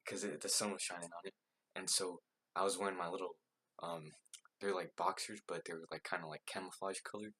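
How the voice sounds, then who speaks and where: A man's voice: deep voice, fairly even intonation, brisk, sharp tone. A young man telling a story from his own life in a casual, rambling way, full of fillers and self-mocking asides. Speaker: vlogger.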